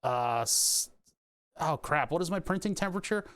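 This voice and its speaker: A man's voice: on the high side, lively intonation, moderate pace, a bit bright, clear, resonant tone. A man streaming casually while he works on a craft project, rambling and restarting sentences and laughing at puns as he talks to his chat. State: hiccuping, heartburn.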